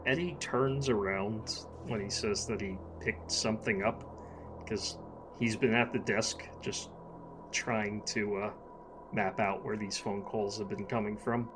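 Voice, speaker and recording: A man's voice: lowish voice, fairly even intonation, measured pace, background noise. A man playing a tabletop game, describing his character's actions in casual talk.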